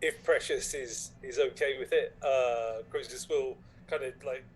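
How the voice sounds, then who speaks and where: A man's voice: medium pitch, fairly even intonation, a little slow, slight background noise, low-quality recording. Hesitant man playing a tabletop game. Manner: hesitant, thinking aloud. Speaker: player.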